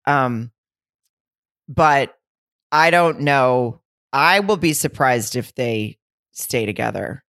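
A woman co-hosting a podcast in relaxed casual chat, wry and quick to laugh. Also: rumbling low, no room sound, studio quality. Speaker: podcast co-host. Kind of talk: casual chat about reality TV.

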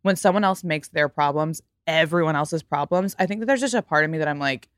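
A young woman hosting a casual podcast chat, blunt and animated, acting out little quoted voices. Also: low-pitched, fairly quick, dry recording, studio quality. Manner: animated, mimics others in quoted asides. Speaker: podcast host.

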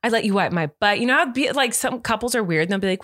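A woman's voice: medium pitch, fast, a bit bright, no room sound, studio quality. A woman in her thirties co-hosting a podcast, chatting casually, giggly and rambling. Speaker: podcast co-host. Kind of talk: casual chat.

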